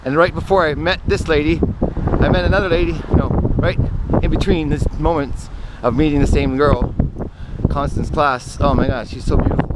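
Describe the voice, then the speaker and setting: A man's voice: a little high, fairly even intonation, normal speed. Rambling man over traffic noise. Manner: meandering, self-correcting, trails off into asides. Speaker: vlogger telling personal stories. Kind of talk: casual rambling monologue.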